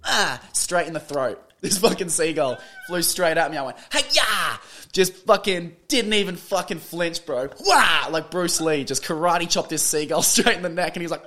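A young man, co-hosting a podcast and telling a story in a casual, animated way, swearing freely and laughing often. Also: fairly high pitch, moderate pace. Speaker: podcast co-host. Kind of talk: casual chat.

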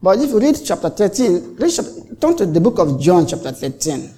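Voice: medium pitch, very animated, moderate pace, mellow. Dramatic preacher. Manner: dramatic, acts out the quoted exchanges; repeats and restarts phrases for emphasis. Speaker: pastor. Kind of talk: sermon.

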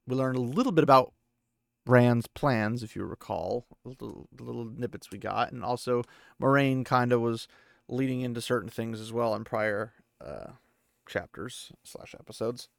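Male podcast host, gravelly and casual, dry close sound, rambling book recap. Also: medium pitch, normal speed, no room sound. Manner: chatty, rambling, with fillers.

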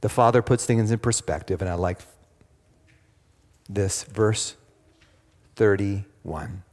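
A man's voice: on the low side, takes it slowly, a little mellow. A man preaching a sermon, engaging the congregation with questions and emphatic retellings. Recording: long hall reverb.

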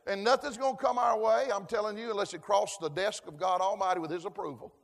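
A man preaching a folksy sermon, calling for amens and building to shouts. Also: high-pitched, fairly even intonation, quick pace, gravelly. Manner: folksy, call-and-response, rising to shouts. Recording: long hall reverb.

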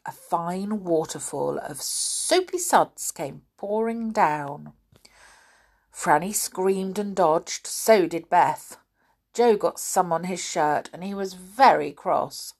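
Woman, storybook reading, slow unhurried delivery, fairly low voice, soft and gentle. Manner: slow, gentle, soft-spoken with whispered touches. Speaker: storybook reader. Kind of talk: reading a children's storybook aloud.

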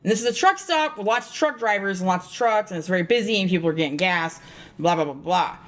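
A woman's voice: mid-range voice, lively intonation, quick pace. A woman co-hosting a podcast, telling a rambling, profane story in casual chat. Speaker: podcast co-host.

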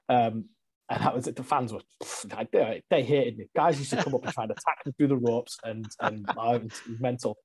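Man, husky voice, lively storyteller, casual interview chat. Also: mid-range voice, moderate pace. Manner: animated storyteller, acts out quotes. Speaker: guest wrestler.

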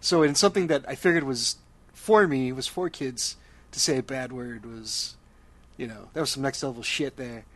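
A man's voice: mid-range voice, moderate pace, fairly bright tone. A man co-hosting a podcast in casual chat, wry and self-deprecating, often laughing. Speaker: podcast co-host.

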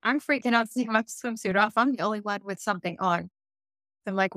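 A woman of medium pitch tells a story in a relaxed podcast chat. She is animated, acts out her own inner voices, and laughs often. Her voice is close and dry, with no room echo. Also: brisk. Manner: laughs often while telling stories. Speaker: intuitive life coach, guest. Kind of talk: casual storytelling in a podcast interview.

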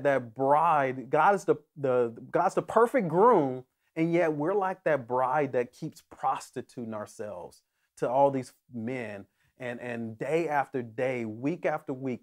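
A man preaching a sermon with an earnest, emphatic delivery. His voice sits a little higher than most men's. He often stumbles, restarts and repeats phrases as he presses each point home. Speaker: pastor.

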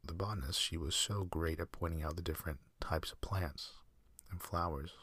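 A man hosting a sleep podcast, talking in a soft, slow, meandering half-whisper with dry self-mocking humor. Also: low-pitched, steady tone, breathy edge, no room sound. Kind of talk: rambling whispered bedtime monologue.

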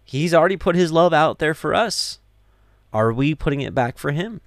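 A man's voice: fairly high pitch, animated, normal speed, dry recording. Earnest man teaching scripture, dry sound. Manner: earnest, conversational, many restarts and "you know". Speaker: Torah teacher. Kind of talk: scripture reading with sermon-like commentary.

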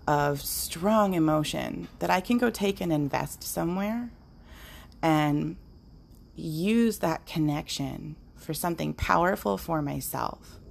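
A woman's voice: low-pitched, vocal fry, darkish tone. A middle-aged woman hosting a podcast, talking through her thoughts unscripted in an earnest, musing way, now and then slipping into playful quoted voices. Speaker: podcast host. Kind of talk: unscripted reflective monologue.

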